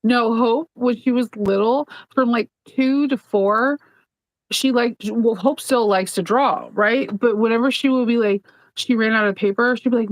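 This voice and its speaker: A woman in her thirties hosting a casual sewing chat, playful and quick to laugh as she tells stories. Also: fairly high pitch, dry recording, poor audio. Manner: chatty, laughs often, playful. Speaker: sewing vlog host.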